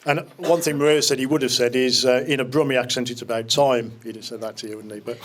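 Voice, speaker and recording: A man's voice: mid-range voice, fairly even intonation, fast talker, fairly bright tone. A man in his fifties giving a wedding speech in place of the bride's father, telling fond, joking stories with small restarts. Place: wedding reception hall.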